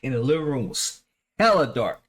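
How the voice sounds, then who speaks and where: A man's voice: medium pitch, very animated, normal speed, fairly bright tone. A man hosting a reaction video, telling a rambling childhood story in casual slang and often restarting his sentences.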